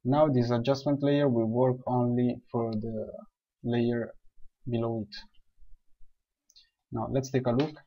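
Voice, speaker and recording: A man calmly explaining software steps one by one in a screen-recorded tutorial. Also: medium pitch, slow pace, pauses often. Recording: dull lo-fi voice recording.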